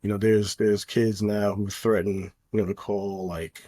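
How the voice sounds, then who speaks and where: A man's voice: fairly low pitch, flat delivery, unhurried, warm tone. A middle-aged man co-hosting a podcast, talking in an earnest, opinionated way with lots of fillers. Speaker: podcast co-host. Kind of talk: casual chat.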